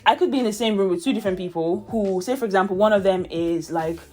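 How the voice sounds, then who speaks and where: Talking to camera through its built-in mic, a young woman from Nigeria with a British English accent speaks quickly in a medium-pitched, darkish voice over faint music. She's casual and thoughtful, laughing lightly and using plenty of fillers.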